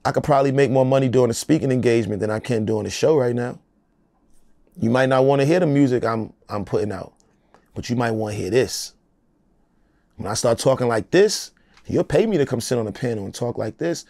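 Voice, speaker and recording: Rapper dude in his 40s chatting in an interview, raspy fry in the voice, swears a lot, keeps going "you know what im saying". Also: mid-range voice, a little mellow, dry recording, studio quality. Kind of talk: casual interview talk.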